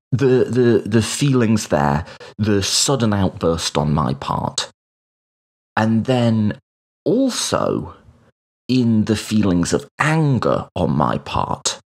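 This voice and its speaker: A man's voice: fairly low pitch, slightly rough. A man in his thirties, hosting a solo podcast and telling a personal story in a reflective way, with hesitations. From United Kingdom. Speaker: podcast host.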